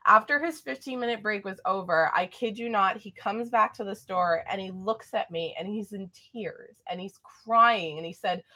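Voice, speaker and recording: A woman's voice: mid-range voice, moderate pace, few pauses, bright, forceful tone. A young woman vlogger chatting casually through a storytime, rambling with lots of fillers.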